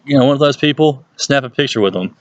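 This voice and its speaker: A man's voice: lively intonation, fast, muffled recording. A man with a Southern Mississippi accent chats playfully in a casual vlog, sounding like the youth pastor he is. His voice sits in an ordinary middle register. The sound is dry and close, with no room echo. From Hattiesburg, Mississippi, USA. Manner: chatty and playful, jumps into exaggerated high-pitched voices when quoting people. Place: at home, with his dog nearby.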